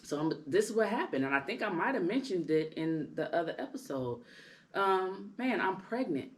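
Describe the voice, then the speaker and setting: Woman, thirties, co-host telling a candid personal story; lower-pitched, lively delivery that climbs when heated, peppered with "right?". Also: normal speed. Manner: animated, rising loud and high when worked up; tag questions, frequent "right?". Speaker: podcast co-host. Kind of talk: candid storytelling in casual chat.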